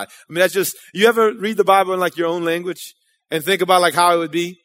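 A man's voice: high voice, steady tone, fast, fairly bright tone. A man preaching a sermon in a church, casual and conversational, calling out to the congregation.

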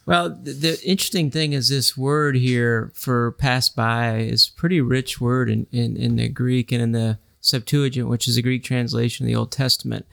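Gravelly-voiced man explaining scripture. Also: mid-range voice, steady tone, normal speed, few pauses, a bit bright, no room sound, clean studio sound. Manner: explanatory, quotes scripture at length. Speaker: podcast co-host discussing scripture. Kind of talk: casual Bible study discussion.

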